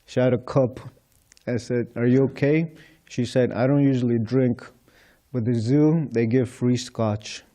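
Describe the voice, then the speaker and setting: In a temple hall, a male temple speaker gives a storytelling talk to his congregation, sharing anecdotes and recounting conversations with soft chuckles. His mid-range voice is steady and dark, with a measured pace.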